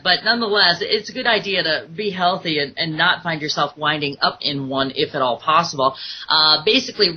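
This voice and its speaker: A woman with a fairly low voice hosts a casual call-in radio talk show, chatting and using lots of fillers while reading out statistics. The audio is dull, lo-fi internet radio with slight background noise.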